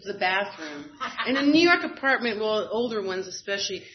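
A woman's voice: medium pitch, very animated, normal speed. A woman candidly telling a personal story in a frank, wry way, with fillers and bursts of laughter. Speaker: guest sharing a personal story. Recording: slightly dull audio with faint noise.

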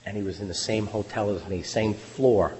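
A hoarse man, his voice worn out, giving an earnest recovery testimony at a convention, often trailing off quietly. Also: lowish voice, steady tone, moderate pace. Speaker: convention speaker. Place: large convention hall. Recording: reverberant hall, faint hum.

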